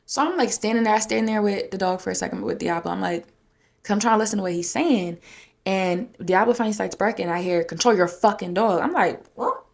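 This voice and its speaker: A woman's voice: mid-range voice, quick pace, creaky. A woman hosting a podcast, telling a story casually and acting out what people said in a raised voice. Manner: animated retelling, acting out quotes in a raised voice. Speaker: podcast host.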